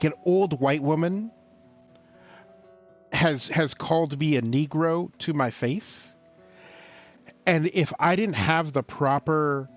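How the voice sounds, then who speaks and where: Slow, halting man on a talk stream. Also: on the high side, highs cut off. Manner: slow, halting, with many fillers and restarts. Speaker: talk show co-host. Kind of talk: casual discussion on a livestream talk show.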